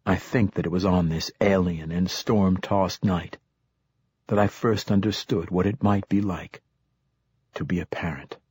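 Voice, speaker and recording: Deep and slightly husky, this man narrates a first-person audiobook story thoughtfully and at a measured pace, his tone steady and a little mellow. The close, dry recording has no echo or room sound.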